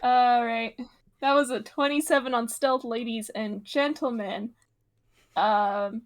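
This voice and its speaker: Slow-talking woman game master. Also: a little high, fairly even intonation. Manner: laughing, casual, full of fillers. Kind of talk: narrating a tabletop game.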